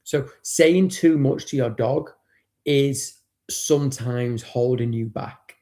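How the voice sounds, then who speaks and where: A man's voice: medium pitch, takes it slowly, mellow. A man hosting a live stream as a dog trainer. He talks casually and bluntly, swears now and then, and greets chat viewers by name.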